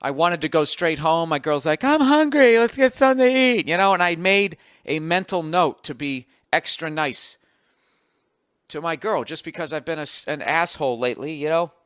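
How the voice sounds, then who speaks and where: A man in his forties with a Boston accent, telling a profane, exasperated story with sudden loud outbursts on his podcast. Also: fairly high pitch, moderate pace, clear, resonant tone, no echo, studio quality. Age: 40s. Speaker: podcast host. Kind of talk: ranting comic monologue.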